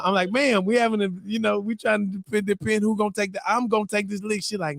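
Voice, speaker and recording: A man hosting a morning live stream, telling a story with slang and loud bursts of laughter. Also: high-pitched, fast talker, vocal fry, hardly any pauses, no room sound, clean studio sound. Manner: laughing hard between lines, slangy and loud. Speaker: morning show host.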